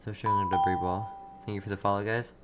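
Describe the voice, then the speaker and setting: A man's voice: fairly low pitch, flat delivery, quick pace, loud music behind the voice. A man hosting a live severe weather stream, giving urgent, repetitive warnings and answering viewers' chat. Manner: urgent, repeats himself, reads chat. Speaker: livestream weather host.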